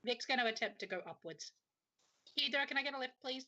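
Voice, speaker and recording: Bright, blunt-talking woman player. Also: high voice, lively intonation, fast. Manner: blunt, swears casually. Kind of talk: casual tabletop play.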